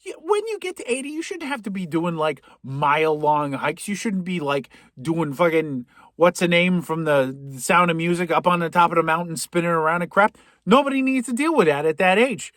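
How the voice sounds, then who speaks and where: A man with a Boston accent rants through a comedic movie recap, sarcastic and profane. His voice sits a bit high. The recording is dry and close. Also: lively intonation, moderate pace, hardly any pauses, fairly bright tone, no room sound. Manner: sarcastic, profane, rambling asides. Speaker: podcast host.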